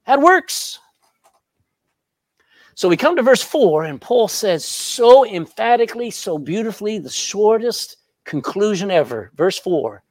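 High, lively male preacher. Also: unhurried, pauses often, no room sound. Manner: animated, emphatic preaching with questions to the congregation. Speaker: pastor. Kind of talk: sermon.

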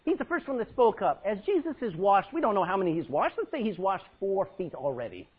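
Fairly quick and animated, a high-voiced man with a husky quality dramatizes Bible scenes in his sermon, pitch swooping up and down. Laughter breaks through, and he sinks to a low volume for emphasis; the recording sounds muffled and lo-fi.

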